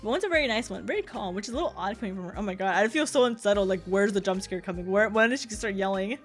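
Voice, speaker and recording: A woman's voice: medium pitch, animated, quick pace, faint music behind. A young woman streaming, chatting casually with her chat, laughing often and tripping over restarts. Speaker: VTuber streamer.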